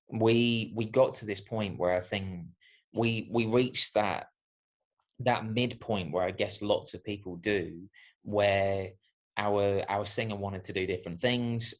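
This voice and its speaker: Reflective low-voiced male guest. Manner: reflective, rambling, many fillers. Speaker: musician and podcast guest. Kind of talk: casual podcast chat.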